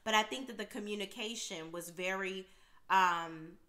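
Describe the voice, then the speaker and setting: A woman with a bright, forceful voice hosts a reality TV recap. She talks in a loose, chatty style and keeps checking in with her listeners with a quick "okay?". Her pitch sits in the middle range for a woman. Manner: talkative, punctuates points with "okay?". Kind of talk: casual chatty commentary.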